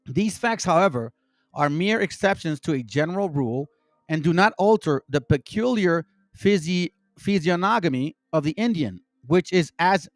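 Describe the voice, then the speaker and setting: With a high voice and no room sound, a male channel host reads passages aloud for his online commentary. He reacts in a heated, profane rant that's full of stumbling restarts.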